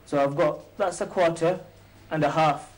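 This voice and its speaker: A man hosting and teaching an informal maths lesson, quizzing a few students with quick questions and joking as he goes. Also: on the high side, steady tone, poor audio. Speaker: maths teacher and show host.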